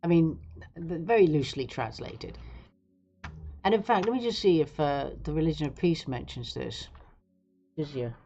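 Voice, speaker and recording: A woman's voice: deep voice, expressive, moderate pace, pauses often, mellow, muffled recording, a little hiss or hum. A woman hosting a live stream, talking in a rambling, sarcastic, digressive way. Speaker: livestream host. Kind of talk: casual live-stream commentary.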